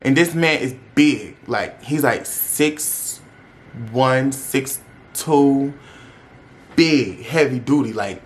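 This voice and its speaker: A man's voice: medium pitch, slow pace. Young man telling a candid story. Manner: candid, chatty, uses slang and addresses viewers. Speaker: vlogger. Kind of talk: casual storytime vlog.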